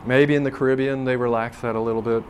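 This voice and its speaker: A man's voice: medium pitch, steady tone, fast, a little hiss or hum. A man teaching a linguistics class, explaining dialect differences in a loose, searching way with plenty of ums and restarts. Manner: rambling and thoughtful, with frequent ums and restarts. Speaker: language professor. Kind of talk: classroom lecture.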